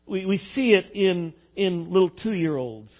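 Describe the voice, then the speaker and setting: A man preaching a sermon, animated, swinging between quiet reflection and loud emphasis. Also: high-pitched, unhurried. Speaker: pastor. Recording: tinny phone-like sound.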